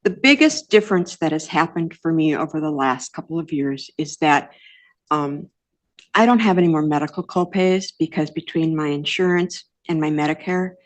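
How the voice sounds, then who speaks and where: An older woman speaking as a defendant in court, earnest and rambling, with soft hesitations. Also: low-pitched, normal speed. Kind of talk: courtroom testimony.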